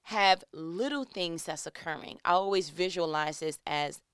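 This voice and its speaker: A woman's voice: fairly low pitch, moderate pace, a bit bright, clean tone, dry recording, studio quality. A woman in her thirties giving a casual devotional talk, acting out little scenes in other voices.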